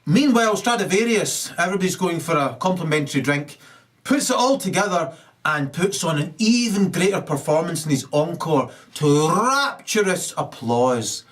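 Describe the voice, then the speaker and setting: A man's voice: a little high, expressive, moderate pace. A man improvising a profane story, rambling with many ums and restarts.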